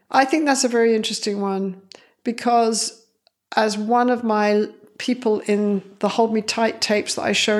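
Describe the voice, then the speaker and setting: A woman psychologist, a guest in an interview, telling stories and acting out the voices of the people in them. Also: mid-range voice. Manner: animated, acts out quoted voices. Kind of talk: storytelling in an interview.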